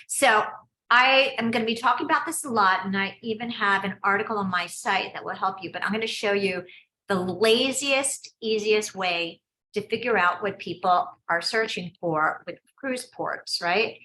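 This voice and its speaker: A woman leads a business coaching session over a video call, talking in a quick, chatty way that keeps breaking off and restarting. Her voice is bright and forceful, and it carries an echo from the room she is in. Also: mid-range voice, slight background noise. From United States. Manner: quick, chatty, self-interrupting, encouraging.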